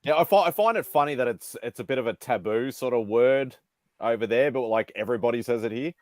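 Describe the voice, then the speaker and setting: A man's voice: mid-range voice, quick pace, no echo, clean studio sound. A man hosting a casual livestream chat, blunt and joking, swearing freely. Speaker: livestream host.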